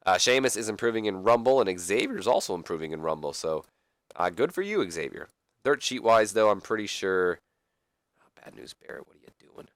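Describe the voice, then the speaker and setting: A man's voice: lowish voice, a bit bright, no room sound, clean studio sound. A man hosting a gaming channel, giving casual, rambling game commentary and correcting himself as he talks to viewers.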